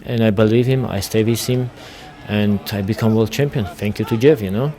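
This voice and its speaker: An Armenian-accented boxer, appearing as a guest in a casual interview, speaks broken English bluntly and confidently. His voice is lowish and dark in tone, at normal speed.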